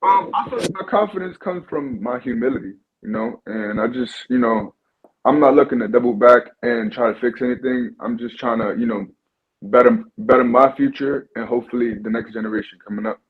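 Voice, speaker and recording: New york guy in his 20s on a phone call, husky voice, tinny line. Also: mid-range voice, fairly quick. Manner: earnest, repeats "you know". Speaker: guest boxer. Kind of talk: remote interview via phone.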